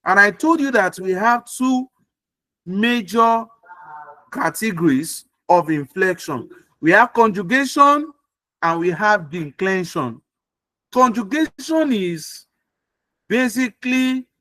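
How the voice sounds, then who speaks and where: A man teaches grammar over a video call, his voice high and bright. He speaks slowly and keeps asking whether his students understand. The sound is dry and close. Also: animated, no room sound. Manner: repeats points and checks understanding often. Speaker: English tutor. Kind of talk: online grammar class.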